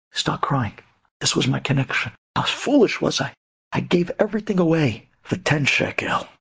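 A man's voice: fairly high pitch, gravelly, husky. A man telling an inspirational story dramatically, with sighs and asides to his listeners. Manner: dramatic, animated, sighing.

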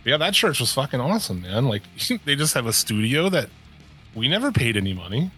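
A man's voice: mid-range voice, big pitch swings, brisk, bright, forceful tone, slightly rough, faint music behind. A man co-hosting a podcast, chatting loosely with lots of swearing, rambling and trailing off mid-thought. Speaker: podcast co-host. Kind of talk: casual profane chat.

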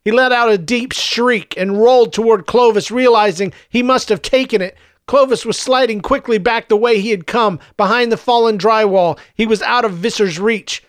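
A man narrating an audiobook in a steady storytelling manner. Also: high voice, normal speed, dry recording. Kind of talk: scripted narration.

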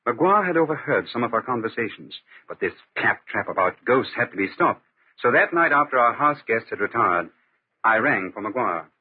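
An actor narrating and playing an upper-class gentleman in a 1940s radio drama, speaking in a clipped, authoritative way. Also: medium pitch, lively intonation, normal speed, slight background noise, close to an everyday voice. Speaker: narrator and brother of the household. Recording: tinny old radio recording.

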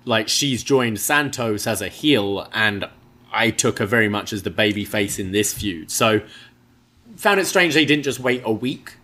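Bright-voiced man predicting wrestling storylines. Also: on the low side, expressive, unhurried. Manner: speculative, chatty, hedging opinions. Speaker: wrestling show co-host. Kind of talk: casual review chat.

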